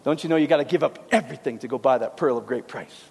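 Male preacher, sermon, gravelly husky voice, long hall reverb, casual animated delivery. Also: mid-range voice, quick pace. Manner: conversational, animated preaching with asides.

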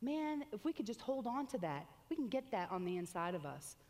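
A woman preaching a sermon with animated exclamations, reading scripture aloud between comments. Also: medium pitch, brisk. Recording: long hall reverb.

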